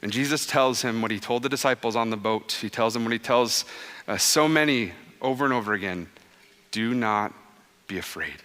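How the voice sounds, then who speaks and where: A man in his thirties, a pastor giving a conversational, animated sermon that drops soft and low for quoted words. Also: fairly quick. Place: church sanctuary. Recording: long reverb of a church hall.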